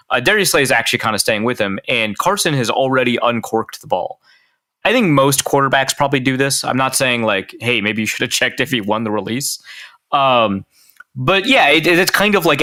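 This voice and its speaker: A man co-hosting a podcast, talking through football plays in an animated, self-interrupting way and laughing at his own jokes. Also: mid-range voice. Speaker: podcast co-host. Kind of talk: casual sports analysis chat.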